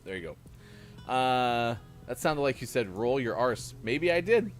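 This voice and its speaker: Man hosting a morning show, lively up-and-down delivery, jokey, faint music underneath. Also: mid-range voice, a little slow. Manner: jokey, self-mocking. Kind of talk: casual chat, reading birthdays.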